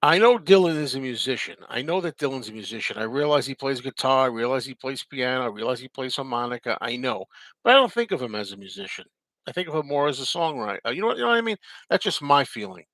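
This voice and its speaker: A man's voice: mid-range voice, sing-song, quick pace, a bit bright, dry recording. A man hosting a casual live chat, reading and answering viewer comments in a rambling, repetitive way. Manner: chatty, repeats himself, rambling asides.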